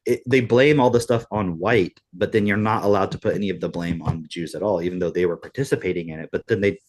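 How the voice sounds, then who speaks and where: A man's voice: low-pitched, fast, a little hiss or hum. A man co-hosting a podcast in casual chat, talking in an emphatic, profane rant. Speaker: podcast co-host.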